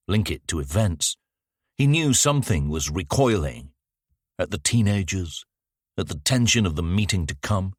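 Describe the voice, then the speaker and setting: Brief: male audiobook narrator, very low voice, expressive pitch, measured storytelling. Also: slightly rough, no room sound, studio quality. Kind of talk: scripted narration.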